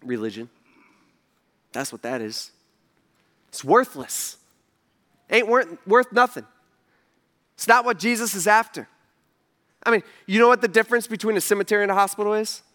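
A male pastor delivering a sermon with a high, bright and forceful voice. He talks to the congregation casually, throws rhetorical questions at them and pushes his emphatic points hard. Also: lively intonation, moderate pace, pauses often. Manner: conversational, asks the audience rhetorical questions; emphatic, builds to forceful passages.

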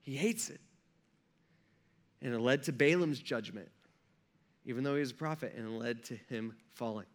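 In a casual sermon, a male pastor with a medium-pitched voice speaks fairly quickly. He tells stories conversationally, saying "like" a lot and acting out quotes.

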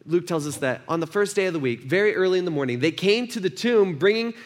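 High-pitched, animated, and fast, a male pastor delivers a sermon in church. His style is conversational: he questions the audience and acts out the people in his story.

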